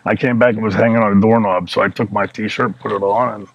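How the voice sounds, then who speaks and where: A man in his fifties, appearing as an interview guest, tells a profanity-laced story and acts out the people in it with real animation. His voice is on the low side, he talks fast, and the high frequencies are cut off.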